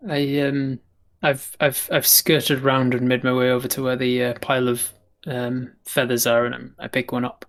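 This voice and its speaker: Man playing a tabletop game, measured. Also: mid-range voice, completely flat delivery, fairly bright tone. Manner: measured, polite in-character speech. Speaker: player. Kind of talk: tabletop role-play.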